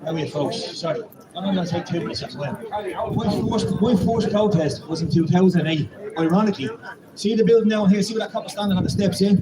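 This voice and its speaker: A high-pitched Irish man rattles off a rousing, swear-laden speech at rapid speed. His voice comes from some distance away and echoes around an outdoor street, with a loud crowd around him. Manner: profane, rousing, rising to shouts. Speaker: protest speaker. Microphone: public microphone and PA.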